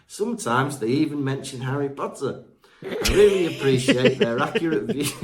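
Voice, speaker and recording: A man's voice: medium pitch, a little hiss or hum. A man co-hosting a podcast, reading listener reviews aloud in a chatty way with fillers, stumbling over names. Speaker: podcast co-host. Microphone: remote podcast mic.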